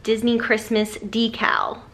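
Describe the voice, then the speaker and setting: A woman's voice: fairly high pitch, fairly even intonation, slow pace, fairly bright tone. A young woman chatting casually and rambling to her camera at home. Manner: rambling, chatty, self-deprecating. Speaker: vlogger. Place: living room at home.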